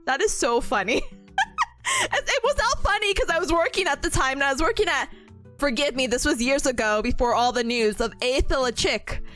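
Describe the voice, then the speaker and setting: A woman's voice: high-pitched, fairly quick, faint music behind. A young woman streaming a study session, chatting casually with her viewers, laughing often and rambling between stories. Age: young adult. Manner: laughs often, talks to chat, lively and rambling. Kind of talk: casual live-stream chat.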